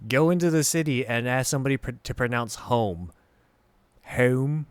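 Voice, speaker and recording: A man's voice: mid-range voice, fast talker, clear, resonant tone, dry recording. Sardonic man with Mid-Atlantic accent. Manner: dry, sardonic quips. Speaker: podcast co-host. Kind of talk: casual chat among friends.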